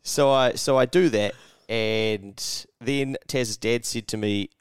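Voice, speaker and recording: A young New Zealand man with a smooth, mid-range voice speaks slowly in a clean studio recording without echo. Co-hosting a podcast, he tells a story in casual chat, swearing often and acting out his own thoughts.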